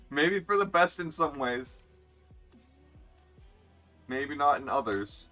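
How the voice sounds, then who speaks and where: A man's voice: a little high, animated, takes it slowly, long pauses, bright, forceful tone, soft background music. A young man live-streaming a racing game, chatting bluntly and sarcastically with viewers and swearing freely. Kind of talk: casual live-stream chat while gaming.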